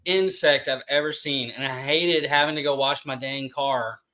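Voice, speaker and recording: A man's voice: medium pitch, fairly even intonation, normal speed, sharp tone, rough recording. A man hosting a casual livestream, chatting upbeat with guests and reading out viewer comments. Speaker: livestream host. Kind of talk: casual chat.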